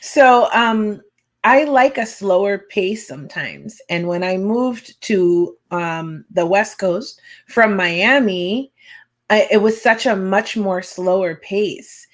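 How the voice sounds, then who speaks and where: A woman's voice: mid-range voice, takes it slowly. A woman hosting a podcast, chatting casually and encouragingly with her guest. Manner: encouraging, affectionate. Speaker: podcast host. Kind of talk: casual interview chat.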